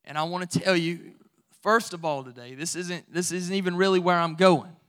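Bright, high-voiced preaching man. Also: fairly even intonation, moderate pace, clear, resonant tone. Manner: conversational, building to emphatic preaching. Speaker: pastor. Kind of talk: sermon.

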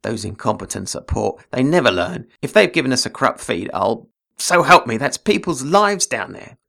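A man reading as a gravelly, paranoid cryotech. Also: big pitch swings, normal speed, a bit bright, full character voice. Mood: ranting. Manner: low, brooding, erupts into anger. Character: exhausted paranoid male spaceship cryotech. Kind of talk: author reading own fiction.

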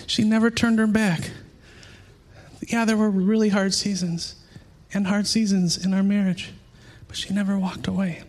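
A man's voice: high voice, little pitch movement, moderate pace, a little mellow. A man in his thirties preaching a sermon, earnest and emotional, mixing personal testimony with scripture in a conversational way. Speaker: pastor.

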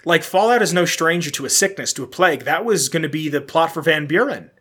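A man from Pennsylvania co-hosting a casual gaming podcast, animated and prone to ranting with rapid questions and swearing. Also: on the high side, breathy edge. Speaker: podcast co-host.

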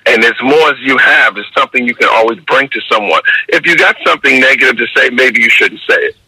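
An older man with a New York accent, talking in a measured, reflective way during an interview and often checking in with "you understand?". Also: medium pitch, pushed and bright, a little hiss or hum, poor audio. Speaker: guest, basketball referee mentor.

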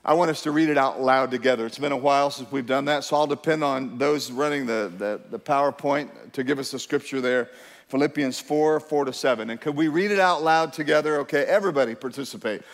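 A man's voice: mid-range voice, fairly quick, in a large hall. A middle-aged man preaching a sermon as pastor, emphatic and urging his congregation to respond. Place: church.

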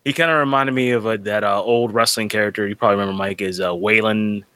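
A man's voice: on the low side, steady tone, fast talker, bright, forceful tone, no echo. A middle-aged man co-hosting a casual movie commentary, wry and fond of sharing trivia. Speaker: co-host.

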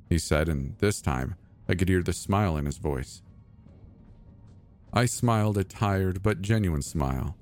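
A man narrating a scripted horror story in a soft, measured, even reading. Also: low voice. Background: faint music.

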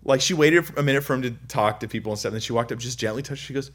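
A man's voice: mid-range voice, rapid-fire, a bit bright. A young man giving a casual, chatty Bible teaching, full of anecdotes and self-interruptions. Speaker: preacher.

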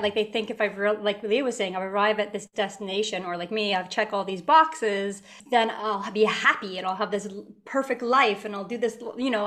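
Woman guest, casual chat; crisp and bright, easygoing and reflective. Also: medium pitch. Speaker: podcast co-guest. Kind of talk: casual chat among friends.

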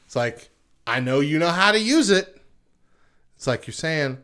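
A man's voice: a little high, big pitch swings, measured pace, pauses often, a bit bright. Guy cohosting a podcast, laughs a lot, voice bounces up and down, kinda exasperated. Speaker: podcast co-host. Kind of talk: casual chat.

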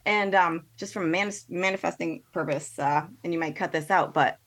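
A woman, a podcast guest, chatting casually and telling a story with quick asides and quoted thoughts. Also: fairly low pitch, steady tone, fairly bright tone. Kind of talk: casual chat.

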